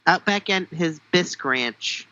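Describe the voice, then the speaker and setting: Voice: medium pitch, expressive, unhurried, pushed and bright, highs cut off. A podcast co-host who is sick, tossing in dry, joking quips in casual chat.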